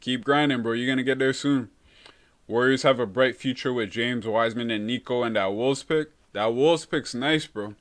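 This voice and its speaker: A young Canadian man hosts a relaxed live stream at a moderate pace, answering viewer comments in loose, easygoing chat. His pitch sits in a typical middle range for a man, and his laid-back talk drops "bro" into nearly every thought.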